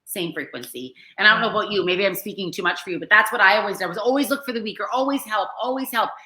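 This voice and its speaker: A woman's voice: mid-range voice, rapid-fire, bright, forceful tone, echoey room. A woman hosting a casual interview chat, earnest and encouraging, agreeing with her guest. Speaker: podcast host.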